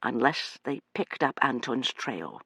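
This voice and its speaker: A man doing a brisk, resolute older woman. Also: mid-range voice, big pitch swings, gravelly, husky, dry recording, studio quality, heavily acted. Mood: worried. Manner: sharp, decisive.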